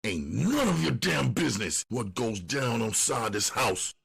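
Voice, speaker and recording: A man's voice: low voice, animated, a little slow, sharp tone, husky, dry recording, exaggerated voice. A man voicing a brutal, volatile pimp who barks curt, profane commands. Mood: angry. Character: brutal adult male pimp, menacing and volatile.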